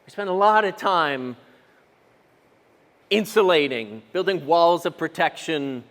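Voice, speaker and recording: A middle-aged man preaching a sermon as pastor, animated storytelling, acting out quotes and asking the room questions. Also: fairly high pitch, slow. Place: church auditorium. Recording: long reverb of a church hall.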